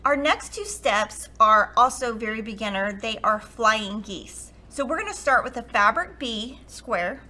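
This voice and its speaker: A woman with a bright, somewhat high voice leads a sewing tutorial. She chats along eagerly, explaining fabrics and steps in a friendly, upbeat tutorial manner. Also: animated, unhurried, few pauses. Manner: chatty, warm, enthusiastic explaining. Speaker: quilting tutorial host.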